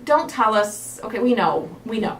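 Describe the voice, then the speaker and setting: A woman's voice: fairly high pitch, animated, moderate pace. A woman hosting a casual crafting livestream, a chatty storyteller who laughs often. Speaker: craft show host. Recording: distant mic with faint noise.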